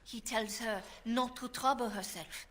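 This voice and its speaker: A woman's voice: on the high side, measured pace, a bit bright. A woman voicing an anxious young handmaiden to a queen, speaking with a heavy French accent in an earnest, pleading way. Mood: urgent.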